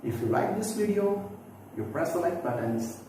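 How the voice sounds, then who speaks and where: A man's voice: sits high, animated, moderate pace. A man teaching a lesson, patiently explaining and repeating example words aloud for practice. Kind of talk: classroom-style explanation. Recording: very echoey room, distant mic, faint background noise.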